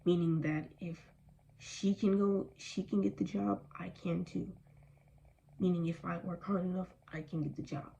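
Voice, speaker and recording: A woman's voice: lowish voice, fairly even intonation, moderate pace, creaky, dark tone, dull audio, a little hiss or hum. A young adult woman vlogging with anger and weariness, speaking emphatically with strong language. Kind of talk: impassioned personal vlog.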